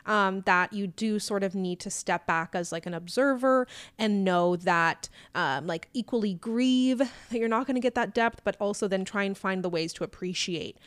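A woman's voice: mid-range voice, moderate pace, few pauses, clear, resonant tone, dry recording. A young woman co-hosting a podcast, talking things through in a reflective, conversational way with plenty of fillers. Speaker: podcast co-host. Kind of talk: casual chat.

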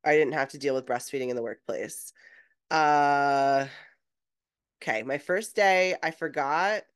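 A woman in her thirties co-hosting a casual podcast, chatting and reacting with quick asides. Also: low voice, clean tone. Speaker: podcast co-host. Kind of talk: casual chat.

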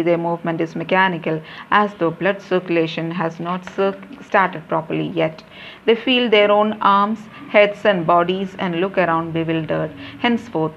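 A woman's voice: lowish voice, a little hiss or hum. A woman reads out stage directions and explains the plot in a plain teaching manner. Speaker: teacher reading a play aloud. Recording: dull lo-fi recording.

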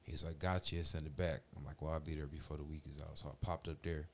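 A man's voice: extremely low pitch, fast talker, a little hiss or hum. A man in his forties telling a long story in casual chat, full of slang and swearing, acting out the voices of the people in it. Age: 40s. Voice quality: profane slangy street talk, animated retellings.

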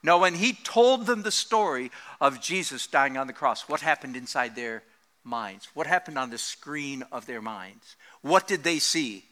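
A man preaching a sermon in an animated, joking way, laughing often at his own jokes. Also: medium pitch, unhurried. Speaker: pastor.

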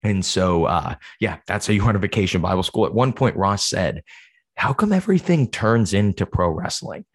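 A young man with a low, deep voice hosts a podcast and tells a story in a loose, animated way. He piles on fillers and restarts as he talks. The recording is dry and close, with no room sound. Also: normal speed, no room sound. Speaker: podcast host. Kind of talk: casual storytelling.

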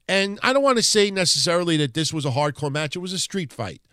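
A man's voice: fairly high pitch, expressive, fast, pushed and bright, dry recording, studio quality. A man with a New York accent, hosting a podcast and casually recounting wrestling history in a rambling, profane way. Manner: conversational, profane, rambling with restarts. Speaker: podcast host.

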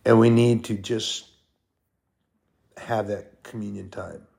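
A middle-aged man preaching a sermon and teaching from the Bible, talking conversationally with fillers and self-corrections, and swinging from soft asides to loud, rising proclamations. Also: fairly low pitch, fairly even intonation, slow, gravelly.

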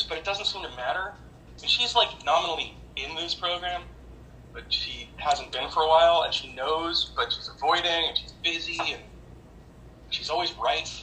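A man shares at a support meeting over a video call, halting and restarting, often heated. His voice has a bright, edgy tone. The sound is echoey, with a faint hiss behind it. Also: on the high side. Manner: halting, full of fillers and restarts, grows heated. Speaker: recovery meeting member sharing.

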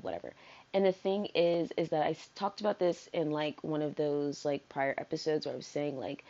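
Woman, solo podcast host, deep for her sex, casual rambler with fillers and cursing, muffled lo-fi sound. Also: creaky, warm tone. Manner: rambling, heavy on fillers, swears freely. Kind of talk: casual unscripted podcast monologue.

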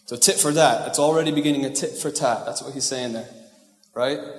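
A man's voice: mid-range voice, a little fast. A male pastor giving a casual, joking sermon, often checking in with the congregation. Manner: casual, joking asides, asks the crowd "right?". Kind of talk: conversational sermon. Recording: echoey hall with long reverb.

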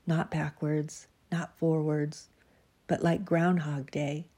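A woman reading her own devotional writing aloud in a soft, earnest way, sometimes slipping into a whisper and laughing at herself. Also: sits low, little pitch movement, slow, breathy edge. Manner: soft-spoken, drifts into whispers.

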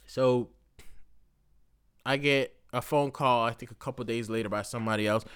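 A man, a military veteran, telling a profane, animated story in a casual monologue. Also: mid-range voice, clear, resonant tone, dry recording, clean studio sound. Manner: profane, animated ranting with quick asides.

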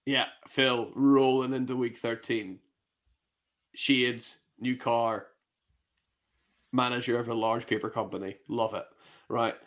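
A man's voice: mid-range voice, fairly even intonation, slow, pauses often, a bit bright. A man co-hosting a casual fantasy football chat show, laughing and reacting to clips.

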